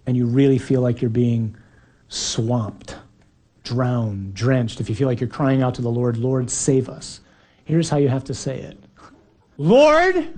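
Husky-voiced male preacher giving a sermon. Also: mid-range voice, mellow. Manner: earnest, emphatic, acts out quotes.

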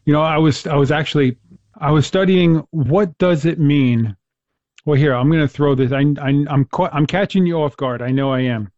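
Earnest man speaking in a mellow voice. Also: fairly high pitch, moderate pace, no echo, dull audio. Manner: earnest, storytelling, with frequent restarts. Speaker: host. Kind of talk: casual faith conversation.

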